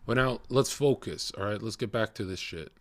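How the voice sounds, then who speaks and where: Low-voiced crude cocky streamer man. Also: normal speed, dry recording. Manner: crude and cocky, heavy swearing, lectures the chat. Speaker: livestreamer talking to chat. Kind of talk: casual blunt stream monologue.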